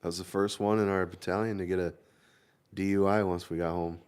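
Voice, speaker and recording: A man's voice: deep voice, a little fast, smooth. A man, an army veteran, telling war stories in a casual, laughing chat. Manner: laughing, animated storytelling.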